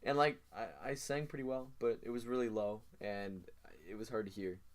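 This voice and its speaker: A man's voice: fairly low pitch, normal speed. Rambling teenage guy telling a story. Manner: rambling storyteller with many fillers. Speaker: podcast co-host. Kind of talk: casual chat.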